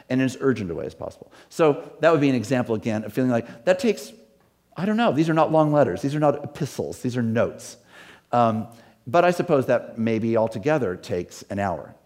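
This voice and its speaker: A man's voice: medium pitch, animated, fairly quick, darkish tone. A middle-aged man, a pastor, talking in an earnest, rambling way with many restarts. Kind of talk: reflective talk.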